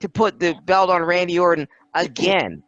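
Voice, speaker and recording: A man's voice: high-pitched, moderate pace, a bit bright, dry recording, dull audio. A man on a casual wrestling podcast, ranting in exasperation and repeating his questions.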